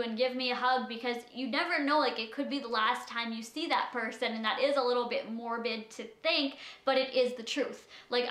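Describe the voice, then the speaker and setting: A woman's voice: high voice, sharp tone, reverberant. A woman vlogger talking in an anxious, rambling way, short of breath and full of "like". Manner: anxious, rambling, heavy use of "like". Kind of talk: confessional vlog talk.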